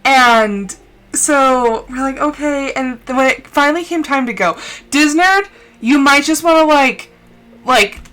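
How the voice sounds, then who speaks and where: Speaking a little slowly in a high, expressive, fairly bright voice, this young woman streamer grows tearful while sharing something personal with her live audience in a casual way. Soft music plays underneath, the sound is rough, and she uses a desk mic without a camera.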